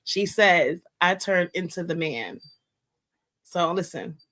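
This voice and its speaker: A woman's voice: on the low side, expressive, takes it slowly, fairly bright tone. A woman co-hosting a podcast in casual chat, laughing and pushing back, exasperated. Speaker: podcast co-host.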